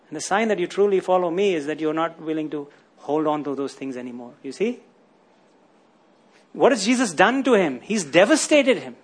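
A man's voice: fairly high pitch, animated, fairly quick. A man preaching a sermon, often asking his listeners rhetorical questions and tagging lines with "isn't it?".

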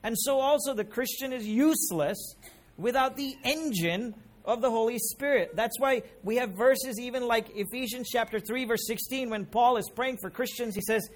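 A man's voice: extremely high pitch, moderate pace. A middle-aged man preaching a sermon as pastor, emphatic, with rising questions put to the congregation.

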